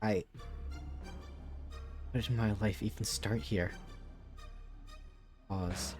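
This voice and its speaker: A man's voice: fairly low pitch, steady tone, very slow, over music. A man streaming a game, making casual, wry, sometimes profane comments and reading the story text aloud with drama.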